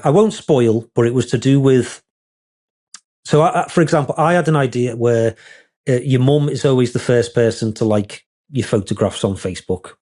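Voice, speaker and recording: Rambling, mellow-voiced man. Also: mid-range voice. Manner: rambling, self-deprecating, gets emotional. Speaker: wedding photographer guest. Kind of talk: candid podcast interview.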